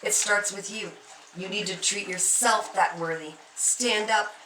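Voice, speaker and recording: A woman's voice: medium pitch, fairly even intonation, moderate pace, bright, forceful tone, recorded from a distance. A woman giving a spiritual tarot reading, speaking emphatically and reassuringly straight to the listener. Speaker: tarot card reader. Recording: echoey room, off-mic, faint noise.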